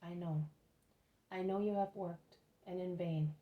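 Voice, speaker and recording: A woman reading the lines of a calm, kind male spiritual teacher in a soft, measured way. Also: lowish voice, narrow, tinny audio, natural voice. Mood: gentle.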